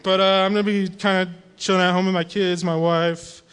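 A man with a notably high voice speaks to a church congregation, saying goodbye as youth group leader. His delivery is casual and humorous, chatty rather than polished. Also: flat delivery, a little fast, fairly bright tone, clear, resonant tone. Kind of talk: farewell speech to a congregation.

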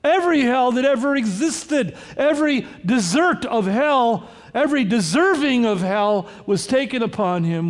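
Male pastor, very high voice, emphatic verse-by-verse sermon delivery. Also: lively intonation, moderate pace. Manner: explanatory, emphatic, rises to loud cries on quoted words. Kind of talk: sermon with running scripture commentary.

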